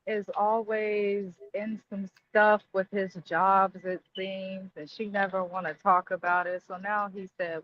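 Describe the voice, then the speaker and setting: A man's voice: high-pitched, measured pace, muffled recording, a little hiss or hum. A man co-hosting a casual reality TV recap, making dry, cutting remarks.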